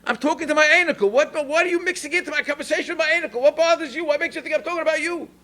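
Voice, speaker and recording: Brief: a man doing an elderly Jewish grandmother from Poland, loud, high-pitched scolding. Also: very fast. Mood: indignant scolding. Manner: loud, scolding, meant to be overheard.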